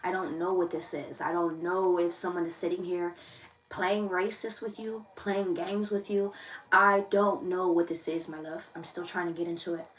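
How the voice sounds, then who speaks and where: A woman's voice: fairly low pitch, flat delivery, moderate pace, a little hiss or hum, poor audio. Confiding young woman tarot reader. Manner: repetitive, confiding, emphatic. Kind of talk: casual tarot reading to camera.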